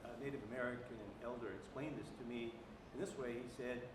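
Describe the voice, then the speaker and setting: A man speaks up from the audience, picked up from far away in an echoing room. His question comes out carefully and haltingly. Clear noise sits under his voice. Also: medium pitch, steady tone. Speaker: audience member asking a question. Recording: roomy, distant, noisy hall mic.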